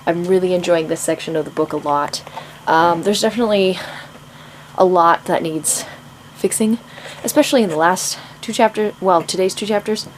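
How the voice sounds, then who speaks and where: A woman's voice: lowish voice, normal speed, slight background noise, rough recording. A woman writer chatting casually about her writing progress, rambling with plenty of ums and frequent laughs. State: out of breath. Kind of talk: casual chat to camera.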